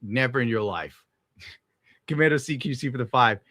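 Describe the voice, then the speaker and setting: Man, young adult, streamer, bitter crude rant, bright forceful voice, dry close sound. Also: medium pitch, moderate pace, no room sound. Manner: bitter, crude, heavy swearing. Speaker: streamer reacting to clips. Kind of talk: casual ranting commentary.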